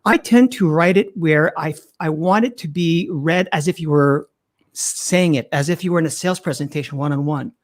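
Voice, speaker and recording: Emphatic middle-aged man, higher voice. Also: moderate pace. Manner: animated, emphatic storytelling with restarts. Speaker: guest copywriter. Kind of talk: interview conversation.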